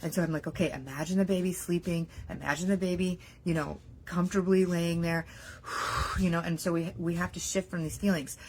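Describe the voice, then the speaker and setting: A young woman with a slightly husky voice speaks straight to her viewers as a mindset coach. She talks casually and with animation, dropping plenty of "like" fillers and slipping into worried inner voices to make her point. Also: on the low side, fairly even intonation, fairly quick. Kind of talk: casual motivational talk to camera.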